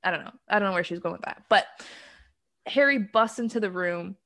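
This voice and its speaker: A woman's voice: mid-range voice, a little fast, fairly bright tone. A woman co-hosting a casual chat, recapping a film plot with frequent ums and laughs. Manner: laughs often, many ums. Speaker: podcast co-host.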